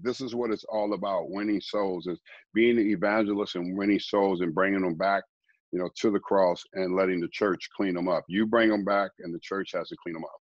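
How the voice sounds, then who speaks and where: Deep-voiced man telling his story quietly. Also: no room sound, highs cut off. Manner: rambling, repeats words, quiet low delivery. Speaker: guest, former baseball player turned preacher. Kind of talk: conversational storytelling.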